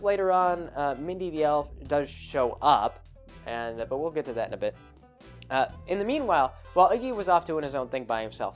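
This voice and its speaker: A man hosting a podcast, casually retelling a tabletop game session in a chatty, rambling way full of asides. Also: fairly high pitch. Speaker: podcast host. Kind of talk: casual storytelling.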